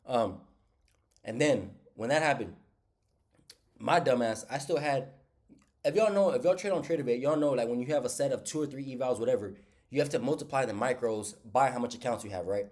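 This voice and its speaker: Fast-talking congested man. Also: mid-range voice, a little mellow. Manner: casual, slangy, addresses viewers as y'all. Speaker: day trader recapping trades. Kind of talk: casual screen-share trade recap.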